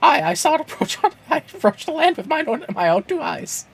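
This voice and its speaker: A man voicing a game guard in a high, squeaky cartoon-mouse falsetto, stumbling over the lines as he reads. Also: big pitch swings, brisk, a bit bright, a little hiss or hum, full character voice. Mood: chirpy. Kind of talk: reading game dialogue aloud in voices.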